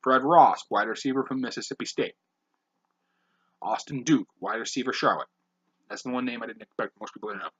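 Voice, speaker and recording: A podcast host reads a long list in a bright, slightly husky voice. His delivery is brisk and blunt, and he drops the odd profane aside. The recording sounds dull and lo-fi. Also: medium pitch. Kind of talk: reading a list of names.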